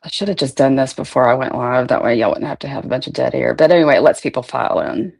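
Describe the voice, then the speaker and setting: A woman's voice: a bass voice, quick pace, vocal fry, darkish tone, husky. A woman hosting a casual livestream, greeting viewers by name and swearing freely. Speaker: livestream host.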